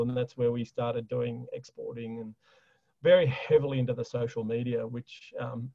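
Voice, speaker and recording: A man's voice: medium pitch, flat delivery, moderate pace, dark tone, no room sound. Middle-aged aussie guy, chatty and keen, dry dull lo-fi sound. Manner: enthusiastic, chatty, frequent fillers and laughs. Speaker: guest, chocolate business owner. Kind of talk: casual interview talk.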